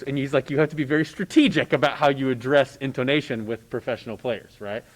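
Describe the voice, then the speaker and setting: A man's voice: mid-range voice, fast talker. A middle-aged man coaching a student conductor at a band rehearsal, direct and joking, talking through examples. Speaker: conducting clinician.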